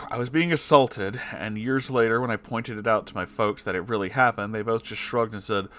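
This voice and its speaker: Man with a lowish voice reads a story aloud, cutting in with heated, profane reactions. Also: normal speed, fairly bright tone. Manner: breaks off to swear and react angrily. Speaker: story reader.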